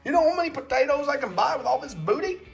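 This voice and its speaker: A man's voice: extremely high pitch, big pitch swings, creaky, soft background music, pitched above the performer's own voice, exaggerated voice. A man voicing a dopey cartoon pirate dog who brags about his loot. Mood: boastful. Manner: slow, drawn-out, dopey boasting.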